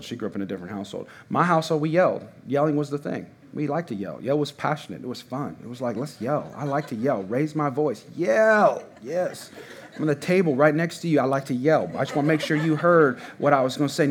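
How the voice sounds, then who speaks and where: A man in his thirties preaching a sermon in a church, casual and conversational with sudden loud bursts. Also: mid-range voice, expressive, very fast, few pauses, slight background noise. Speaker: pastor. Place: church hall before a congregation.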